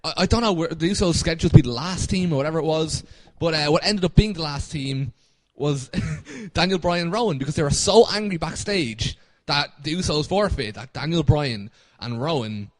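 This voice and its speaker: A man's voice: fairly high pitch, expressive, fairly quick, dry recording. A man co-hosting a podcast, telling a rambling story in casual chat, laughing at it and swearing freely. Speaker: podcast co-host.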